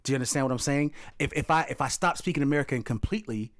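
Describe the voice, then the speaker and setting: A man's voice: medium pitch, very fast, dry recording, clean studio sound. A man with an English accent from Dorset who acts for a living, explaining things at length and repeating himself in casual podcast chat. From England. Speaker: podcast co-host, actor.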